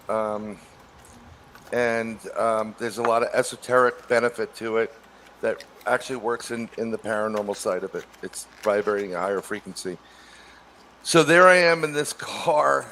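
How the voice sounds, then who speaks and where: Animated storytelling man. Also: slight background noise. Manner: animated, acts out quotes with rising pitch. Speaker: podcast co-host. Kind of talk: casual storytelling.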